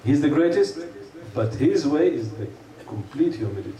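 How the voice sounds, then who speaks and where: A man's voice: mid-range voice, sing-song, normal speed, warm tone. A man giving an earnest sermon, asking rhetorical questions and telling stories to a congregation. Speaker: preacher. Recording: echoey room, mic far off, faint hum.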